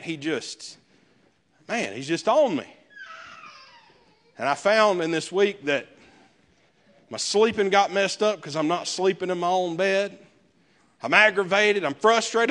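A man's voice: high voice, expressive, measured pace, pauses often, a bit bright. A male pastor, preaching a sermon in a conversational way with folksy asides. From American South.

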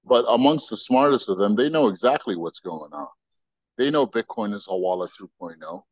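An American man, a podcast guest, telling stories and arguing his views in an animated, opinionated way. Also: on the low side, normal speed, no room sound, dull audio. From United States. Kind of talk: casual podcast interview.

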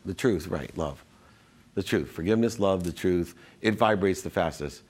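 His low, husky voice has a darkish tone and moves at a normal pace. He's a business executive on a podcast, telling his story with energy and philosophizing, frequently cutting himself off and starting sentences over.

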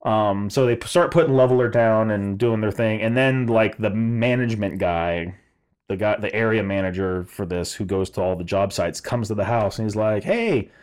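A man's voice: lowish voice, moderate pace, clear, resonant tone. A man casually telling an exasperated story, swearing and laughing, quoting people in his own voice. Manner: animated, swearing, laughing, mimicking others in quotes.

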